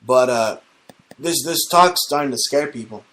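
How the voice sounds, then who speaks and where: A man hosting a comedy show, ranting in a rambling, swear-laden, mock-conspiracy style. His voice sits at an ordinary male pitch. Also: unhurried, fairly bright tone. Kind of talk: satirical comedy rant.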